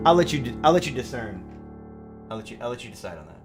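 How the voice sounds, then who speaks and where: A man's voice: medium pitch, big pitch swings, a little fast, pauses often. A man hosting a livestream, talking casually between piano songs and laughing often. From United States. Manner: upbeat, chatty, laughs often. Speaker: livestream host and pianist. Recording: piano music under the voice. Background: piano music.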